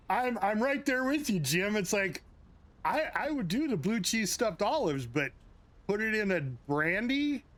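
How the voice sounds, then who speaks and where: An American man chats casually with his live stream viewers, tossing out reactions and little chuckles. His voice sits a touch high and swings up and down with animation. He takes his time, talking at a relaxed, slow pace. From United States. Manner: chatty, reacting to chat with chuckles and asides. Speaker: game streamer.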